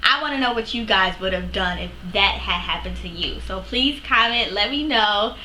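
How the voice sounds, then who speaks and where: A woman vlogger chatting to her camera, retelling a story in a lively, casual way with plenty of fillers. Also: medium pitch, normal speed. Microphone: camera mic. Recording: echoey room, faint background noise.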